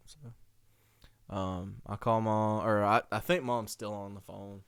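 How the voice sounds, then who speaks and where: A man's voice: lowish voice, unhurried, vocal fry, smooth, no echo, clean studio sound. Slangy young man telling a story. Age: young adult. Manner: animated, slangy, laughs often. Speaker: podcast host. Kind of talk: casual storytelling.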